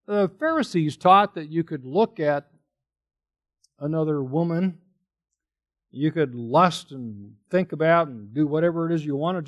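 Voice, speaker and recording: A man preaching a sermon, explaining scripture in an earnest teaching manner with pointed questions to listeners. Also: fairly high pitch. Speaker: pastor.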